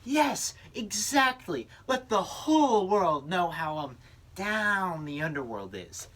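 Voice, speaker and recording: A man's voice: on the high side, big pitch swings, moderate pace, sharp tone, husky, pitched above the performer's own voice, exaggerated voice. A young man voicing a scheming, needy male devil who runs hell, in a speech-team comedy performance. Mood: eager.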